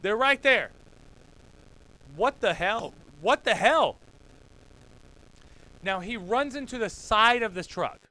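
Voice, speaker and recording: A man hosting his own show, reacting to dash cam videos with loud swearing outbursts and quiet muttered asides. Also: high-pitched, expressive, slow, pauses often. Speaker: podcast host.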